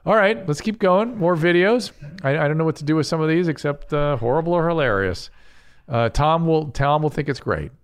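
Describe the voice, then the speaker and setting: A man's voice: fairly high pitch, animated, brisk, clear, resonant tone, no echo. A man hosting a podcast, commenting casually on viral videos with amused, laughing reactions. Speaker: podcast host.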